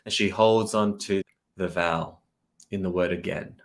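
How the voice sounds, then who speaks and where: A man working as a vocal coach, analyzing a singer's technique in a reaction commentary and getting excited as he demonstrates phrases. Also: low-pitched, moderate pace.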